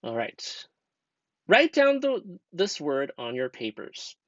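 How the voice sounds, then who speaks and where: A man's voice: on the high side, wildly swooping pitch, slow pace, a bit bright, no room sound. A young man from the United States, a student teacher narrating a grammar lesson in a patient, step-by-step way and asking the class rhetorical questions. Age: young adult. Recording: dull dry lo-fi voice-over.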